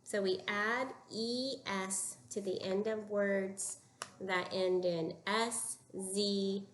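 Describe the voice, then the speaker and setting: A woman teacher giving a phonics lesson to young children, modeling words slowly and patiently. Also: medium pitch, steady tone. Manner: slow, patient, drawn-out word modeling. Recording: echoey room with faint room noise.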